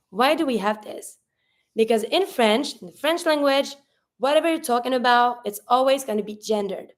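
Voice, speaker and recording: A woman teaching a French lesson, explaining pronunciation patiently step by step. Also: on the high side. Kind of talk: online language lesson.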